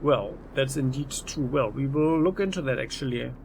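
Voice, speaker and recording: A man's voice: mid-range voice, normal speed, vocal fry, darkish tone, slight background noise. A man hosting a let's play, giving casual gameplay commentary with jokey, rambling asides. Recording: faint game music behind.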